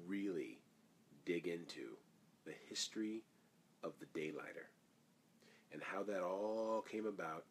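A man's voice: sits low, slight background noise. A man, an actor, answering fan questions in a casual live Q&A, reading each question aloud and rambling through his answers.

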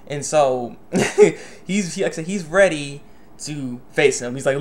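Young male reviewer, slightly high voice, stammers and restarts, casual and excitable. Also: moderate pace. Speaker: manga reviewer.

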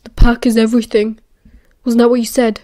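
A cornered young man, a caged werewolf, pushing back with raised, strained protests, as a woman reads him. He sounds bitter and suspicious, louder than the narration around him. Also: fairly high pitch, steady tone, brisk, natural voice. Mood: defiant. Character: young, cornered male werewolf prisoner, defiant.

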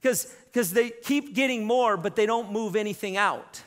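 Animated high-voiced preacher in reverb. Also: male voice, moderate pace. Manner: animated storytelling, frequent repeated starts. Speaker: pastor. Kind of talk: sermon. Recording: long reverb in a church hall.

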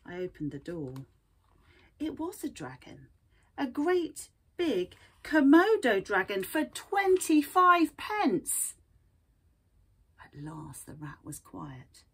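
Breathy lady reading a picture book to little kids, slow and sing-songy. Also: sits high, huge pitch swings. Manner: gentle, encouraging, asks children questions. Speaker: art teacher. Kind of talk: reading a picture book aloud and guiding children's drawing.

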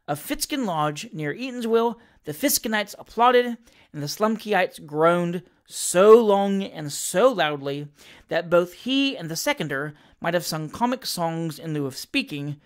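Animated storyteller reading a classic novel, voice rising and falling freely. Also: medium pitch. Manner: expressive, lively storytelling. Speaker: audiobook reader.

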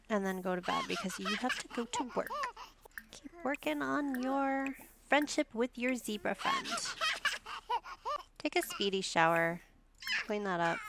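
Woman gameplay commentator, sassy and chatty, some vocal fry, recorded with audible noise. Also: mid-range voice. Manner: chatty, bossing her game characters around with playful sass.

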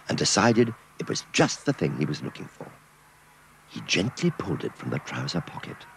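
A man narrating a children's cartoon story in an expressive storytelling manner. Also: sits low, gravelly, a little hiss or hum.

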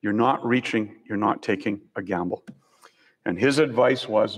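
Canadian professor lecturing in a reverberant hall. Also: male voice, lowish voice, moderate pace, husky. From Canada (Saskatchewan). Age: older. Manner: conversational storytelling with dry humor. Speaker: university professor and senior officer, guest speaker. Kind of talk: public lecture with slides. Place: lecture room on a college campus.

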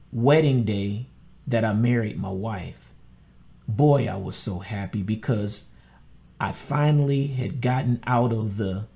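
A middle-aged male pastor delivers his sermon at an unhurried pace. His voice sounds mellow and relaxed. He tells a personal story earnestly and sometimes repeats words as he searches for the next phrase. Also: fairly low pitch. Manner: slow, earnest storytelling with repetitions.

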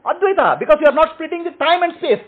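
A man's voice: very high voice, expressive, fast. A man teaching and answering questions, explaining in short repeated phrases and checking in with "okay?". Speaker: spiritual teacher. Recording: tinny phone-like audio.

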